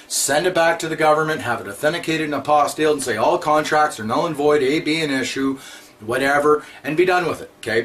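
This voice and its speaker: A blunt man delivers a scolding rant, repeating his points over and over. His voice sits a little higher than most men's. A faint hiss of noise runs under the recording. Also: a bit bright. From Canada. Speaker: vlogger. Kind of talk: ranting monologue to camera.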